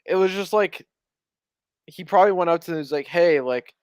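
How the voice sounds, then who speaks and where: Blunt guy with a smooth dry voice. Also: sits high, quick pace, dry recording. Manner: blunt, opinionated. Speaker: podcast co-host. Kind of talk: casual sports chat.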